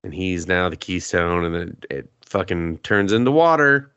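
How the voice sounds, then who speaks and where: A man's voice: low-pitched, lively intonation, normal speed, fairly bright tone, smooth, lo-fi sound. A man co-hosting a podcast, chatting casually with crude, rambling jokes. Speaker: podcast co-host. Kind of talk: casual chat.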